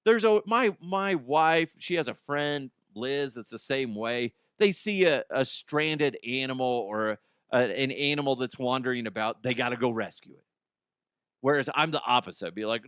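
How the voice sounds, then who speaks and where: A man's voice: medium pitch, animated, moderate pace, fairly bright tone, clean tone, no room sound, studio quality. A man hosting a comedic news chat, joking, swearing freely and acting out silly voices. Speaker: host.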